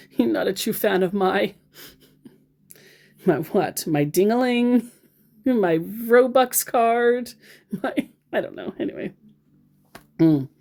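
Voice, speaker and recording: Woman vlogging about scammers, dry sarcastic humor, lots of laughs, slow and bouncy. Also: medium pitch, animated, gravelly, darkish tone. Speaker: scambaiter vlogger. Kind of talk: casual commentary reading scam chats.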